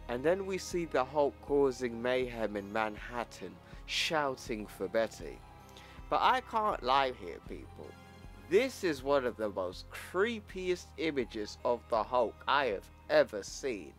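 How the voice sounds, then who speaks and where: Man, casual comic recap, slangy, swears, mid-pitched voice, faint background music. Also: big pitch swings, takes it slowly, fairly bright tone. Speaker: YouTuber.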